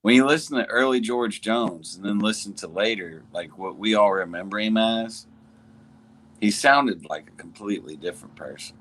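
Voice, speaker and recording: A man's voice: fairly low pitch, normal speed, fairly bright tone, rough recording. A man co-hosting a podcast, laid-back and casual in conversation. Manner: laid-back, laughs easily. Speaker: podcast co-host. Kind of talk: casual chat.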